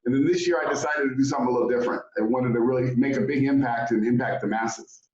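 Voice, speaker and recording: A man hosting an interview, telling stories in an animated, casual way and acting out the quotes. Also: mid-range voice, quick pace. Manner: animated storyteller, acts out quotes. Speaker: host. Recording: echoey room, distant muffled mic.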